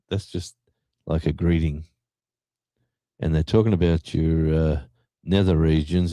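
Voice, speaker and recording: Australian man, very deep voice, mellow tone, dry close sound, rambling livestream chat. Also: moderate pace, no room sound. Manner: rambling, many fillers and restarts. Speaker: livestream host. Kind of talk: casual chat reading a live chat.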